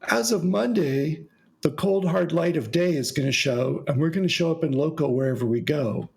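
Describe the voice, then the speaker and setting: A man's voice: fairly high pitch, moderate pace, gravelly. A man hosting a casual podcast chat, telling stories at an easy pace with plenty of fillers. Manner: relaxed storytelling with frequent fillers. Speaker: podcast host.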